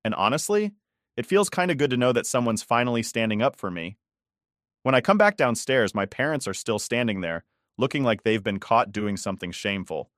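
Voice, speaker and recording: A man reading a scripted first-person family story aloud, with steady storytelling delivery. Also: mid-range voice, a little fast, no room sound, studio quality. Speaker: narrator.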